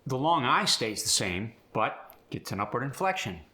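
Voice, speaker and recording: A male accent coach explains each sound shift in sequence before reading an example sentence aloud. His mid-range voice is sing-song and sharp, at a normal speed.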